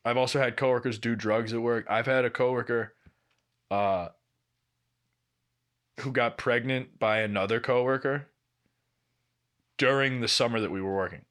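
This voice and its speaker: Young guy podcast cohost, rambling animated work stories, swears a lot, acts out what people said. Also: mid-range voice, moderate pace, long pauses. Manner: animated storyteller, acts out quotes, swears freely. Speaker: podcast co-host. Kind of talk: casual chat.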